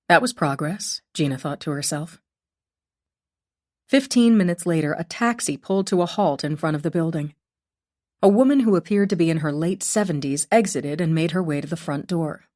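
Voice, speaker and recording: A woman narrating a mystery audiobook in a measured, even storytelling manner. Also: sits low. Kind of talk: scripted narration.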